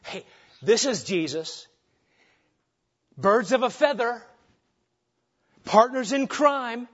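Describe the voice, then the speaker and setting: A man preaching a sermon with emphasis, dropping soft on key phrases and rising when animated. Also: extremely high pitch, takes it slowly, breathy edge, lo-fi sound. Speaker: pastor.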